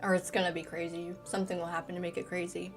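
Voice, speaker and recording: A woman playing a tabletop game, talking casually and quietly while wondering aloud. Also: lowish voice, little pitch movement, quick pace, soft background music. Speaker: player. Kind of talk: tabletop role-play.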